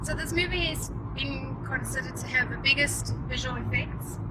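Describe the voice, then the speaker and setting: A woman's voice: high voice, normal speed, heavy background noise. A young woman chatting casually about movies on her vlog, bubbly and emphatic, often laughing. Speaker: movie vlogger. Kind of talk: casual chat. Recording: echoey room with loud music.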